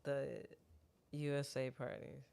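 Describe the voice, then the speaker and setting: A woman's voice: very deep voice, completely flat delivery, slow pace, vocal fry, a little mellow, clear, resonant tone. Blunt, swearing woman podcast co-host. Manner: blunt, profane, laughing often. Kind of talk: casual chat.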